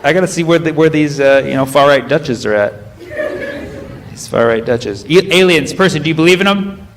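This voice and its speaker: A man in his thirties, a stand-up comedian doing loose crowd work, riffing and firing quick questions at the audience from the stage. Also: fairly high pitch, noisy background. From United States.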